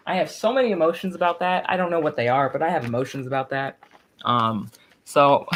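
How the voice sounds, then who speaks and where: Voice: medium pitch, moderate pace, fairly bright tone, a little hiss or hum. A young adult livestreamer chatting casually, rambling, swearing freely and getting giggly and flustered when reacting to old drawings.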